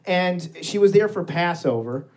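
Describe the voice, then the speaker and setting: A man's voice: sits high, unhurried. A man telling a crude story in casual podcast chat, swearing freely and laughing as he goes. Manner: profane, animated storytelling with frequent laughs.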